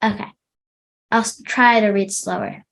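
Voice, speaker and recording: A young woman teaching English to children, reading a storybook aloud and pausing to explain words. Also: mid-range voice, very animated, creaky, fairly bright tone.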